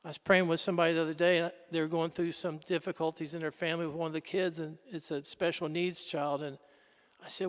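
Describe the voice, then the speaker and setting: A man preaching a sermon in a church, dramatic, swinging between loud exclamations and hushed tones. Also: fairly high pitch, steady tone, fast talker. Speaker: pastor. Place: large church. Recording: reverberant church hall.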